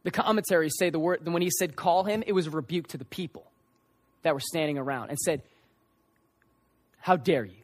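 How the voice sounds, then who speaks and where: A young male preacher delivers an impassioned sermon in a high voice. He acts out the lines of the people in the story as he goes. The sound is close and dry, with no room echo. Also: quick pace.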